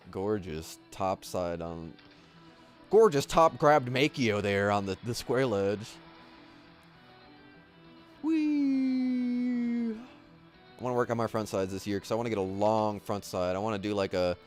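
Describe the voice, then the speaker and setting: A man's voice: lowish voice, normal speed, faint music behind. Rambling laid-back man commenting on a stream. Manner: excitable, rambling, lots of fillers and laughs. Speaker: livestream host. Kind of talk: casual livestream commentary.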